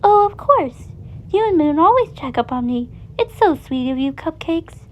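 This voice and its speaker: A woman's voice: high-pitched, very animated, normal speed, a little hiss or hum, voice pushed up. A woman voicing a sweet, chirpy female animatronic chicken in a storybook reading. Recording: dull lo-fi recording.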